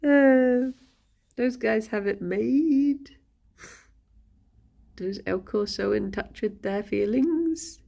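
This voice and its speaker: A woman's voice: fairly high pitch, drawn-out words, gravelly, long pauses, dull audio. A woman streamer chatting casually on a live stream, rambling and often breaking into laughter.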